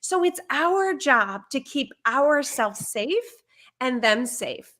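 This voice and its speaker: A high-pitched woman with a bright, lively timbre talks through parenting advice. She is animated and breaks into little acted-out lines of what a parent or child might say. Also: slow pace. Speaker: parenting educator. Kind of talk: conversational advice on a live stream.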